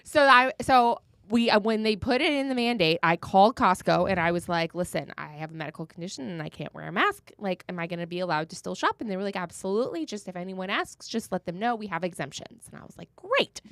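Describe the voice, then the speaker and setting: Woman co-host, animated storyteller, dry close sound. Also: mid-range voice, fast, few pauses, dry recording. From Florida. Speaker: podcast co-host. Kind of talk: casual chat, storytelling.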